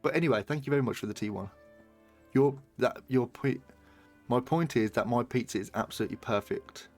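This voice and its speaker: A man's voice: medium pitch, a little fast, a little mellow, faint music behind. A British man streaming a game, chatting casually, swearing and bantering with his chat. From Britain.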